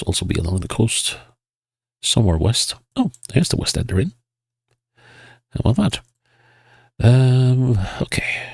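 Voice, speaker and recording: A man's voice: lowish voice, gravelly, husky, no room sound, clean studio sound. A man with a stuffed-up, sniffly nose giving casual gameplay commentary, thinking aloud in a hesitant way with chuckles. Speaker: video game player.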